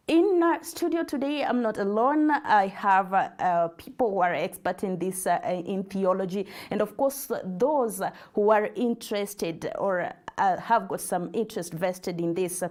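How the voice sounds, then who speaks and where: A woman's voice: medium pitch, a little mellow. A woman hosting a studio talk show on TV, speaking with lots of "uh" fillers and laughing between questions. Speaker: TV host.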